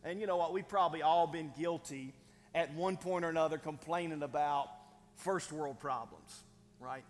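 A man's voice: a little high, normal speed. A man preaching a sermon as pastor, conversational and folksy, with frequent "right?" asides and chuckles. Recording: long hall reverb.

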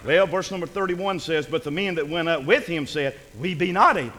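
A man preaching a fervent sermon, often shouting and repeating phrases for emphasis. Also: fairly high pitch, brisk, hardly any pauses, long reverb tail, rough recording.

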